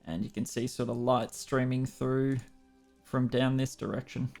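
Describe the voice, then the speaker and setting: A man's voice: mid-range voice, steady tone, measured pace, gravelly, a little mellow, soft background music. An Australian man running a tabletop game as game master, talking casually with lots of filler words. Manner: casual, hesitant with many fillers.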